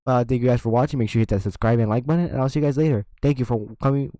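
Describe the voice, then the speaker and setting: Man, excitable, rambling, mid-pitched, dry close sound. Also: very fast, dry recording. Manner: rambling, excitable, lots of restarts and sound effects. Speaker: wrestling reviewer. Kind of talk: excited casual recap.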